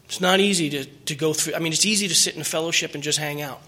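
A man's voice: on the high side, fast talker, sharp tone. Earnest man sharing his recovery story. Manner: earnest, rambling, emotional retelling with restarts. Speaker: recovery meeting speaker. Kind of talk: personal recovery story at a meeting.

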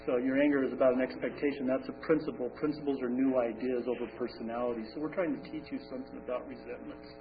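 A man's voice: mid-range voice, steady tone, quick pace, hardly any pauses. Rambling man on a distant tinny recording. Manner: rambling, conversational, many fillers. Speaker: recovery meeting speaker. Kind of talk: personal recovery talk. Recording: distant, phone-like, faint hum.

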